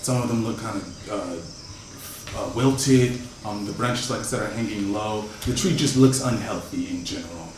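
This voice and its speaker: A man running a tabletop game as game master, describing scenes in a halting way with many fillers and restarts. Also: on the low side. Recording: echoey room far from the mic with noise.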